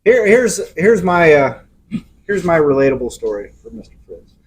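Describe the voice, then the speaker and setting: A middle-aged man spins a rambling story in loose conversational talk, slipping in quoted lines as he goes. His voice sits a little high for a man, and faint noise hums under the recording. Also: sing-song, moderate pace, rough recording. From Los Angeles area. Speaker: podcast co-host. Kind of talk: casual chat, storytelling.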